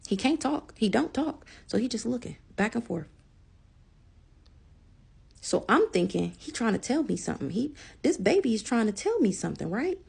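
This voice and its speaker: A woman's voice: a little high, big pitch swings, moderate pace, creaky, a little mellow, breathy edge. A woman telling her own story to viewers in a casual vlog, emphatic, repeating lines for stress and swearing freely.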